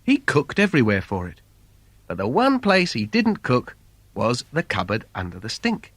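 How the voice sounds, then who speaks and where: A man's voice: medium pitch, a bit bright, no echo. A man reading a comic fairy tale for children in a playful, sing-song storyteller manner. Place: recording studio. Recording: dry studio recording.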